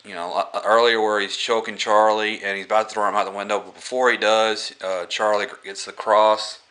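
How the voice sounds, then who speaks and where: Rambling deep-voiced man reviewing a film. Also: level tone, brisk, bright, forceful tone, smooth. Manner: rambling, many fillers and restarts. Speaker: movie reviewer.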